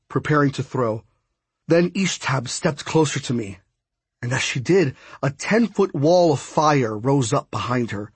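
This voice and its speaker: A man's voice: mid-range voice, husky, dry recording. A man narrating a first-person adventure novel as an audiobook, in tense storytelling. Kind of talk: scripted narration.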